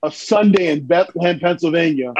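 A man telling stories as a podcast guest in a casual, animated, excitable way. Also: fairly high pitch, fairly quick, muffled recording. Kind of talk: casual storytelling.

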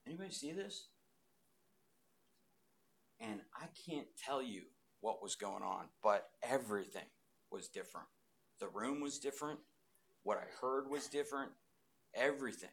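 A man in his fifties giving a testimony to a live audience in a church hall, telling his story with loud bursts and hushed asides. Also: medium pitch, expressive, a little slow, pauses often.

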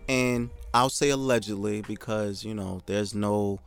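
Blunt, indignant man with a low voice. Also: steady tone, unhurried, gravelly, clean tone, faint music behind. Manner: blunt and indignant, swears for emphasis. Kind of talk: casual chat.

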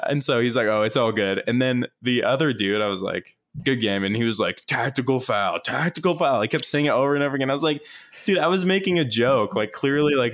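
A young man telling a long story in casual chat, full of "like" fillers, laughing often and jumping up in pitch to mimic people. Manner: animated, mimics others in higher voice.

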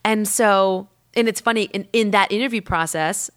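A woman podcast host telling a rambling personal story in casual chat, with lots of "like" and lively acted-out quotes. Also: medium pitch, normal speed. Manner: chatty and rambling, heavy use of "like"; lively, acts out quoted people.

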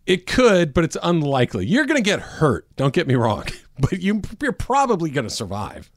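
A man's voice: on the high side, wildly swooping pitch, moderate pace, no room sound, clean studio sound. A man co-hosting a casual sports radio show, reading listener questions aloud and laughing often. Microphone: studio microphone with headphones.

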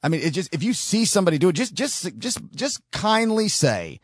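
A man hosting a podcast in an animated, ranting monologue, his pitch leaping up and down. His voice is a touch high for a man. The sound is dry and close. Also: brisk, dry recording. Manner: animated, ranting, with frequent restarts. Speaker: podcast host. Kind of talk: opinionated solo commentary.

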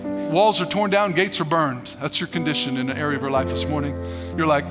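A male pastor preaching a sermon to a congregation, emphatic and animated, laughing as he goes. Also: on the high side, fairly quick, over loud music.

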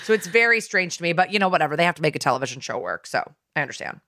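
A woman's voice: sits low, big pitch swings, rapid-fire, pushed and bright, no echo, studio quality. A woman co-hosting a podcast in casual chat, rambling and saying "like" a lot. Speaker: podcast co-host.

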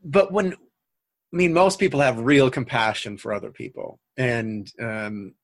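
A man guest on a coaching talk show, calmly explaining his personal philosophy like a trainer. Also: medium pitch, a little slow, dry recording. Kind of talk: conversational interview.

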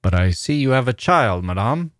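A man voicing a gentle, attentive father who speaks in a coaxing way. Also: mid-range voice, very animated, normal speed, dry recording, studio quality, close to an everyday voice.

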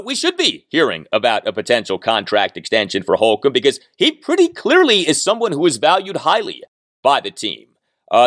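A man's voice: mid-range voice, fairly bright tone, dry recording, studio quality. A man hosting a sports podcast, giving an emphatic analytical monologue and asking listeners rhetorical questions. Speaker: podcast host.

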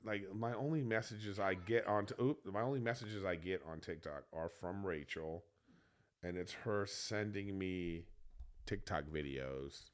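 A man's voice: low voice, a little slow. A man in casual podcast chat, telling a story with frequent restarts.

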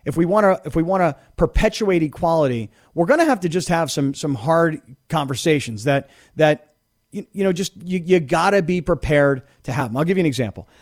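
A man's voice: a little high, expressive, fairly quick. A man hosting a sports radio show, talking in an emphatic, opinionated monologue and often repeating words as he presses a point. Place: radio studio.

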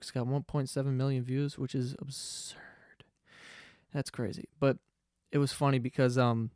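A man's voice: mid-range voice, clean tone, no room sound, studio quality. A young man, hosting a podcast as a profane, rambling comedic monologue. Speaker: podcast host.

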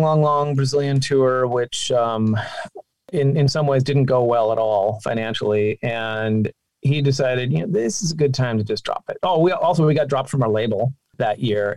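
A man telling his career story as an interview guest, animated and chatty, his voice jumping up when he quotes people. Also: no room sound. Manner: animated, with sudden pitch jumps. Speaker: guest, game sound designer and singer.

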